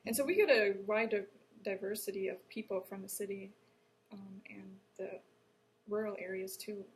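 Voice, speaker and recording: A woman's voice: mid-range voice, normal speed, slight background noise, low-quality recording. A woman from Wisconsin, a horticulture educator explaining plainly as an interview guest.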